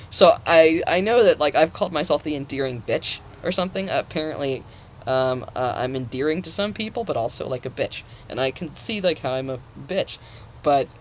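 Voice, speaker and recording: A man vlogging in a rambling, halting monologue, full of restarts, with frequent laughter. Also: fairly high pitch. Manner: halting, many fillers and restarts, laughs often. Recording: slightly dull home recording with faint hiss.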